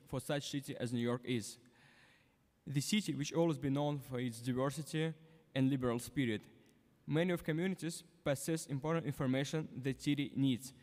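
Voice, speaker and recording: A man's voice: mid-range voice, a little mellow. Man reading testimony in a hall. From former Soviet country. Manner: halting, frequent uh fillers, non-native grammar. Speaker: public testimony speaker, civic activist. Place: large city hall hearing room. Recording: reverberant hall.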